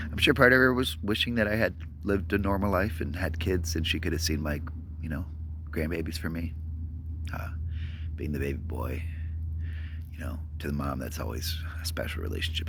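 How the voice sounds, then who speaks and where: Male vlogger, very low voice, casual and reflective, soft at times, outdoor phone recording with light hiss. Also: creaky. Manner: rambling, reflective, drops to a near whisper at times. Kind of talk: casual talking to camera. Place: outdoors behind a store at dawn. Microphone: phone held to self.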